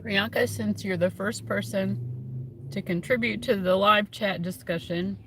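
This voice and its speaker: A woman's voice: mid-range voice, fairly even intonation, slow pace, background noise. A woman hosting a tarot livestream from home on her phone, chatting casually and rambling with lots of fillers. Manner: chatty and rambling, many fillers, laughs often.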